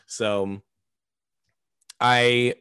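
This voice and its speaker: A man's voice: mid-range voice, very slow, clean tone, no room sound, studio quality. A man, a podcast guest, telling stories in casual chat and acting out the people in them. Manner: animated, acts out quoted people mid-story.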